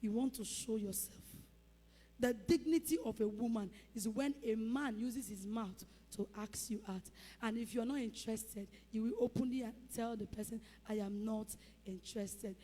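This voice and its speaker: A woman's voice: on the high side, normal speed, dark tone. Woman pastor, emphatic sermon, rhetorical questions, long hall reverb. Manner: emphatic preaching, call-and-response questions, sound effects.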